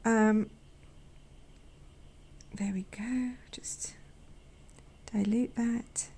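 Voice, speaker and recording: A woman hosting a watercolor channel, chatting gently as she paints swatches, sometimes dropping to a soft near-whisper and making self-deprecating asides. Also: on the high side, fairly even intonation, extremely slow, husky. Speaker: watercolor artist and channel host. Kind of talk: casual narration while painting swatches.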